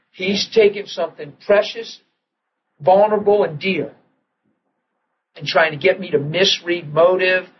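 Male preacher, fairly high voice, storytelling sermon with repeated restarts, dull recording. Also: a little hiss or hum. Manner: animated storytelling, repeats and restarts, drops to soft tones for quoted prayers.

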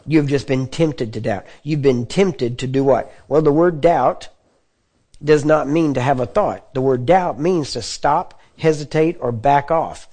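A man preaching a sermon in a conversational teaching manner, often checking in with his listeners and clearing his throat. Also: medium pitch, measured pace, dark tone. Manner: conversational teaching with frequent check-ins to the audience.

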